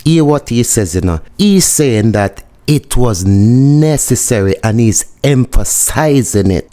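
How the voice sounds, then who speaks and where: A man's voice: mid-range voice, darkish tone. A man with a Jamaican accent giving opinionated news commentary, emphatic and scolding. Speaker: commentary host.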